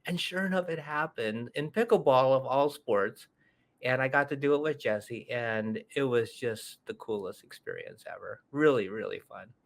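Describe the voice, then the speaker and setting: Middle-aged guy hosting a podcast, telling a story all animated, does the voices of people he quotes. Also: medium pitch, moderate pace, vocal fry. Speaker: podcast host. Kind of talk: casual storytelling chat.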